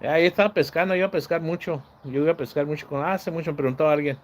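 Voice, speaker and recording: A man's voice: on the high side, fairly even intonation, rapid-fire, a little hiss or hum. Rambling, profane man telling stories live. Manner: rambling and profane, acts out shouts and voices in his stories. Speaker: live streamer. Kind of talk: casual storytelling on a live stream.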